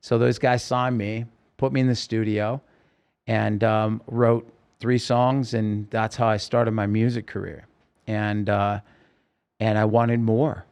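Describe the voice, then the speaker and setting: A middle-aged man telling a story as a podcast guest, lively and acting out the voices of the people he quotes. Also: lowish voice, slow, clear, resonant tone. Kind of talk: casual storytelling interview.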